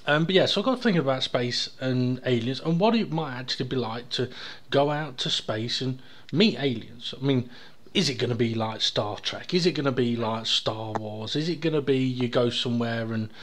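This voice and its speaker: A man's voice: medium pitch, normal speed, a bit bright. A British man co-hosting a podcast, musing in loose, sweary casual chat with many "I mean"s. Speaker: podcast co-host.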